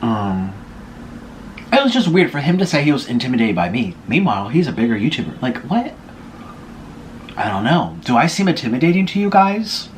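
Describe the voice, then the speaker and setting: A man's voice: medium pitch, big pitch swings, a little fast, slight background noise. Chatty young man gossiping while eating. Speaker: vlogger. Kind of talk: casual mukbang chat.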